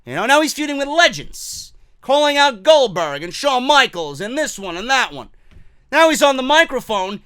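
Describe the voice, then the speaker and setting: Brief: fired-up male ranter, bright high voice, dry close sound. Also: big pitch swings, moderate pace, smooth, no room sound. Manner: heated, profane, repetitive ranting; mocking quoted voices. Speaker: wrestling commentary host. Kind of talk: ranting opinion show.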